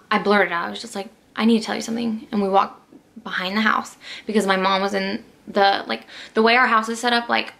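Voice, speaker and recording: Speaking to camera, a young woman vlogger shares a personal story in a mid-range voice with vocal fry, bright and forceful. Her telling is emotional and rambling, full of "like"s and restarts.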